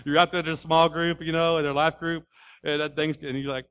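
Man, pastor, preaching a sermon, slightly high pitch, folksy, rising to loud repeated calls. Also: little pitch movement, quick pace, clean tone.

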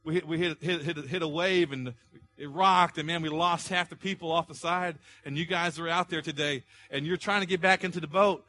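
A man preaching a sermon as pastor, building to loud, impassioned pleas and easing back to a calmer teaching tone. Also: on the high side, fairly quick.

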